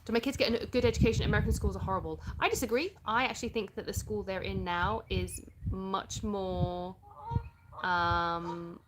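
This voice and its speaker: An English woman in her thirties chats on a live stream, reading and answering viewer comments. She laughs a lot and sometimes loses a word mid-sentence. Her voice sits at a middle pitch over a faint room hum. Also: steady tone, normal speed. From born in the US, raised in England. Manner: chatty, laughs often, searches for words. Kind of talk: casual live-stream chat.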